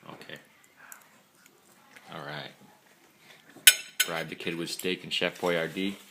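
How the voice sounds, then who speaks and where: A man's voice: low-pitched, fairly even intonation, slow, very noisy. A father chatting playfully with his young child over a meal at home, teasing and coaxing, recorded on a phone set on the table. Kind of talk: casual chat with his child during a meal. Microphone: phone propped up on the table.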